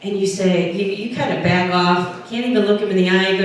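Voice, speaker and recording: A woman's voice: medium pitch, a little fast, hardly any pauses. A woman preacher retelling a scripture story, speaking straight to her listeners as a vivid storyteller. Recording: very echoey room, distant mic, faint noise.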